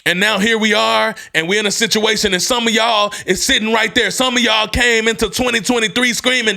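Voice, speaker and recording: Animated, bright-voiced man telling a hyped story. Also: a little fast, vocal fry, hardly any pauses. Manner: animated, swings from hyped shouts to low somber tones. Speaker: podcast host. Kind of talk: motivational storytelling.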